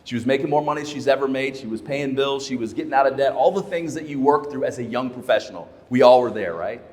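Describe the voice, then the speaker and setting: A man's voice: mid-range voice, quick pace, a little mellow. A man giving a keynote talk to a live audience, telling a story with emphatic repetition of his key points. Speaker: leadership speaker. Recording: long hall reverb.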